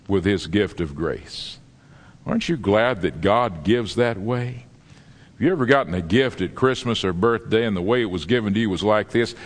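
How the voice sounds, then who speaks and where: A man preaching a sermon, telling stories with dramatic pauses in a lively, emphatic way. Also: medium pitch. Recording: long reverb of a large hall.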